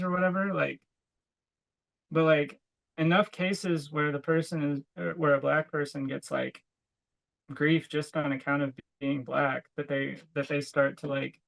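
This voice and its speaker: A young man with a gravelly, fry-laden voice that sits a touch high for a man. He co-hosts a podcast and tells meandering stories in relaxed, casual chat, leaning heavily on "like" and breaking into laughter. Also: normal speed, poor audio. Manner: rambling, filler-heavy storytelling with frequent "like"; laughs while telling stories. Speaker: podcast co-host.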